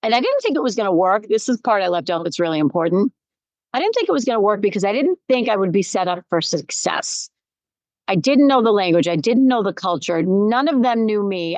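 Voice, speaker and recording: A woman's voice: medium pitch, dry recording, rough recording. A middle-aged woman hosting a solo podcast, telling a personal story in a conversational way and repeating phrases for emphasis. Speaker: podcast host.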